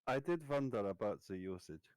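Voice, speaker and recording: Male player, low voice, deadpan in-character lines, dry sound. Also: moderate pace, smooth, no echo. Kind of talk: playing his character in a tabletop game.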